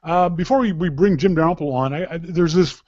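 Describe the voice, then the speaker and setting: A man's voice: on the high side, brisk, darkish tone, dry recording. A man from Canada hosting a live podcast in a casual, rambling way, with frequent restarts. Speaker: podcast host. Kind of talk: casual chat. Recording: dull, dry lo-fi sound.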